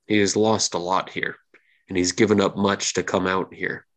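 A man's voice: low-pitched, flat delivery, moderate pace, lightly acted. A man voicing a haggard, wary elf guard speaking with a broken accent in a tabletop game. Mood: confiding. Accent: broken, foreign-sounding speech. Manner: wary, hushed confiding.

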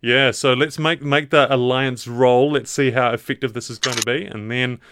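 A man acting as game master, briskly explaining dice rolls and results. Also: mid-range voice, fairly even intonation, a bit bright, smooth. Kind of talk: running a tabletop game.

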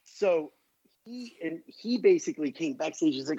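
Husky, higher-voiced man telling a story. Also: moderate pace, no room sound, muffled recording. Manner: animated, profane, full of asides. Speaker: podcast guest. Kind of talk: casual storytelling.

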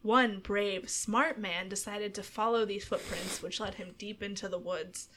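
A woman's voice: mid-range voice, fairly even intonation, a little slow, a bit bright, slight background noise, lightly acted. A woman voicing a storyteller who reads an old folk tale aloud in a theatrical story voice with a slipping accent. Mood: storytelling.

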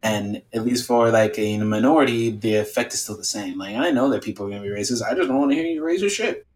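A man talking casually as a guest about game design, animated and rambling with lots of "like" fillers. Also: lowish voice, quick pace. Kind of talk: casual conversation.

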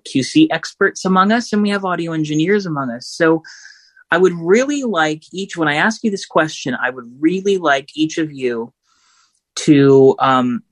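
A man moderating a panel discussion and speaking off the cuff, with many pauses, ums and restarts. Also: on the high side, a bit bright, no echo.

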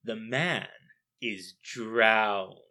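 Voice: mid-range voice, very slow, sharp tone. A podcast co-host recapping a film in casual chat, with dry, wry jokes.

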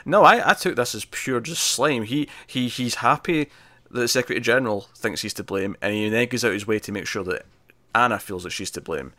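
A man's voice: medium pitch, a little fast, sharp tone, no echo. A man co-hosting a podcast, casually and animatedly retelling a TV episode and acting out what the characters say. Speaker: podcast co-host.

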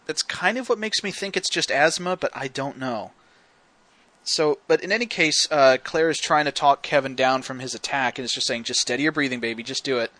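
A man's voice: medium pitch, a little fast, pushed and bright, dry recording. A man hosting a casual podcast that breaks down a film, wry and detailed, quoting scenes as he goes. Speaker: podcast host.

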